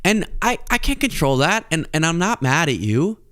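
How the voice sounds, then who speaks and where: A man's voice: on the high side, normal speed, smooth. A young man hosting comedic political commentary, talking animatedly and acting out little scenes. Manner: animated, acts out scenes with voices. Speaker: host.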